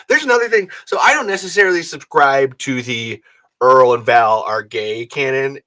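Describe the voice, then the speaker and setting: A man hosting a fan show in casual, rambling chat, excitable and profane. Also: mid-range voice.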